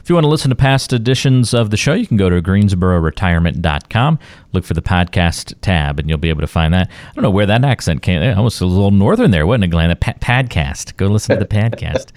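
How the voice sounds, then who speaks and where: A man's voice: deep voice, animated, quick pace, a little mellow, no room sound. A man co-hosting a podcast about retirement, talking in an upbeat, joking, casual way. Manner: upbeat, joking, self-deprecating. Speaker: podcast co-host.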